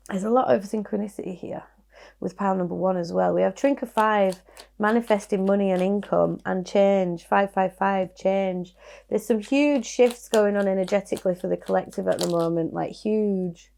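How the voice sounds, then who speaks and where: A woman's voice: mid-range voice, steady tone, moderate pace, gravelly, darkish tone. Chatty Yorkshire woman reading tarot. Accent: Yorkshire English. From Yorkshire, England. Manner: chatty, musing, reassuring, with small laughs and restarts. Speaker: tarot reader. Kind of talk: casual tarot card reading.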